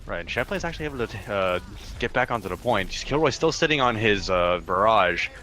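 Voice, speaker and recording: A man giving fast live play-by-play commentary on an esports match in clipped phrases. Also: lowish voice, animated, sharp tone. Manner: rapid play-by-play, clipped phrases, quick restarts.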